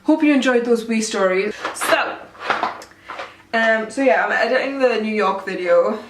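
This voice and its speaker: Background noise accompanies a fairly high female voice that moves a little slowly. The young vlogger sits in a room at home telling a rambling, self-mocking storytime to camera, and the far mic makes it sound roomy.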